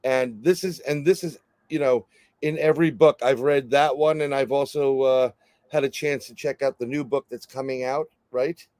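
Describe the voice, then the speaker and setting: A man's voice: mid-range voice, steady tone, moderate pace, a little mellow, dry recording. Man with a New York accent, chatty rambling host, dry close mic. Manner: chatty, rambling, jokey, many fillers. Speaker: podcast host. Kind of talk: casual interview chat.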